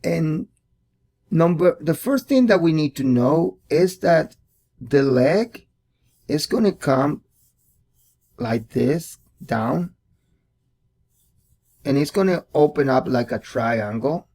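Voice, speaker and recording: Slow, gravelly man teaching drawing. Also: a little high, lively intonation, darkish tone. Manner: unhurried, thinking aloud while drawing, repeats words. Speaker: art tutorial host. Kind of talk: casual drawing tutorial.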